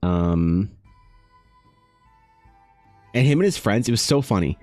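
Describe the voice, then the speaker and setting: A man's voice: on the low side, animated, slow, a little mellow, no room sound, faint music behind. A man, an artist, chatting casually with his live-stream audience, rambling and self-deprecating, often talking to viewers by name.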